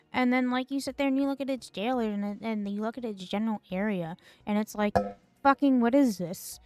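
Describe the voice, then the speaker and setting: A woman's voice: on the high side, a little fast, a little mellow, soft background music. A woman streamer ranting in casual commentary, exasperated and sarcastic, swearing and piling up fillers.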